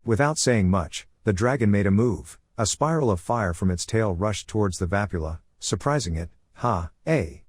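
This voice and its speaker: Brief: male recap narrator, low pitch, dry close sound, plain delivery. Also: normal speed, few pauses, darkish tone, no echo.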